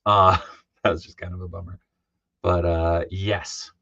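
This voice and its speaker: A man's voice: deep voice, little pitch movement, measured pace, creaky, bright, forceful tone, no room sound. A tired man chatting casually on a livestream, rambling with many fillers and restarts and reading chat messages aloud. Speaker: comic artist streaming live. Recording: dry, dull lo-fi sound.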